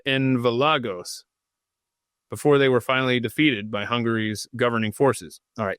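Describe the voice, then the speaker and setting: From a home studio, a man with a medium-pitched, fairly bright voice hosts a casual solo podcast, reading from notes and frequently stopping to joke and riff. He comes across as rambling and jokey, and the sound is clean with no echo.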